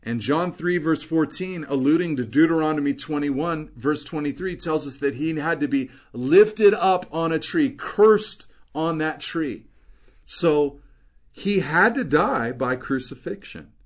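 A man's voice: on the high side, measured pace. A man preaching an expository sermon as a pastor, earnestly explaining scripture verse by verse.

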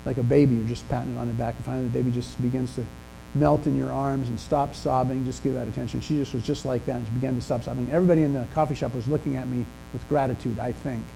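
An older man preaching a sermon in a church, telling stories in a conversational way with pauses and restarts. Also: medium pitch, fairly even intonation, vocal fry, warm tone, a little hiss or hum, low-quality recording. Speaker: pastor. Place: church sanctuary.

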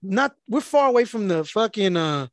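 A man with a high-pitched voice tells a profane story in casual chat at a moderate pace, recorded with studio quality and no room sound. He's animated, acting out the people he quotes.

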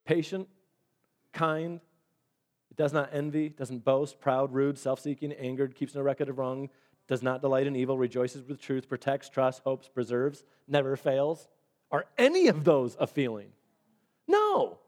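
A man preaching a sermon as a pastor, talking conversationally and acting out little dialogues. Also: on the high side. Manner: animated, conversational, acts out dialogue.

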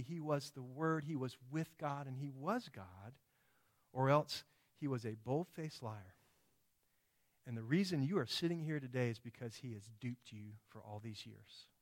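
A man preaching a sermon, emphatic, with many rhetorical questions and quoted voices. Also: medium pitch.

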